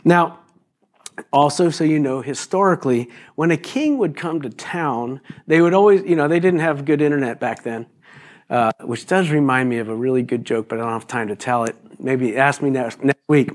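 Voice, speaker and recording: A man's voice: mid-range voice, normal speed. A man giving a conversational sermon as a pastor, joking, laughing often and acting out quotes. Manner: lively, jokey, laughs often, acts out quotes.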